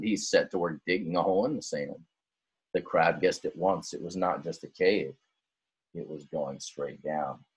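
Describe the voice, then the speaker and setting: A male teacher reading a rhyming story aloud in an expressive, sing-song way. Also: extremely low pitch, normal speed, slightly rough.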